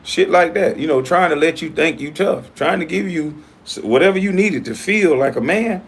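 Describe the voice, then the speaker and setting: A man's voice: fairly high pitch, lively intonation, normal speed, husky. A man hosting his own livestream, talking in a casual, blunt and profane way as he confronts a critic. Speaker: livestream host.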